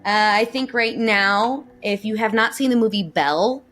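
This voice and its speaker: A woman's voice: fairly high pitch, moderate pace, fairly bright tone. A woman voice actor who is a guest on a podcast, chatting casually in a bubbly way and laughing often.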